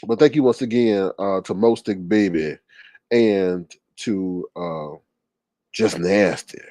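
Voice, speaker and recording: A man hosting a casual livestream and reading chat comments, speaking with an animated, gossipy manner full of exclamations. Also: deep voice, slow, dry recording.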